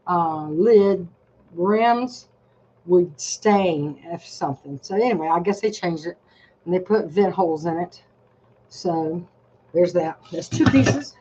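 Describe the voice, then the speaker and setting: Slow-talking older woman chatting to camera. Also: mid-range voice, darkish tone, husky, muffled recording. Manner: chatty and rambling, talks straight to viewers. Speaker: vlogger. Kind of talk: casual product review to camera. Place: at a home desk.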